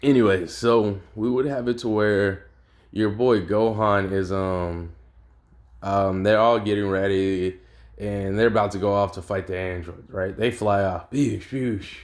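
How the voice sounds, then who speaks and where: A man's voice: fairly low pitch, fairly even intonation, unhurried. A young man casually narrating a fan-made cartoon story, laid-back and slangy, swearing and trailing off with ums.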